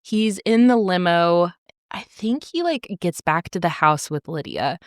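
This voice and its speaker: A woman with a fairly low voice recaps a show in animated, swear-laden podcast chat. She acts out the characters' lines as she goes. The recording is dry and close to the mic. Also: a little slow, no echo. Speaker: podcast co-host.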